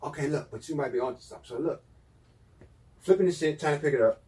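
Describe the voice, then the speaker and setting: A man co-hosting a podcast in casual chat, telling an animated story that swings between loud and hushed. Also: fairly high pitch, quick pace, distant mic, poor audio. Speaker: podcast co-host.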